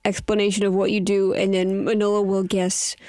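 A woman hosting a comedy call-in game show, upbeat and giggly, trading quick banter with callers. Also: medium pitch, little pitch movement, a little mellow, no room sound. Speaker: host.

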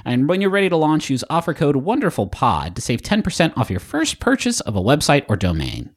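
A man co-hosting a comedy podcast, joking his way through sponsor reads. His pitch jumps up and down constantly, and he keeps slipping into mock-grand, silly voices. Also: huge pitch swings, a little fast. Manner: jokey, mock-dramatic, swoops into silly voices. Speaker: podcast co-host. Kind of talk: playful ad reads and banter.

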